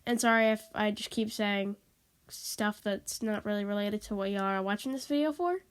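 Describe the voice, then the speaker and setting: A woman with a smooth, medium-pitched voice and a moderate pace delivers a rambling, casual vlog into a tablet microphone. She is stuffy and sniffling, apologetic, and repeats herself.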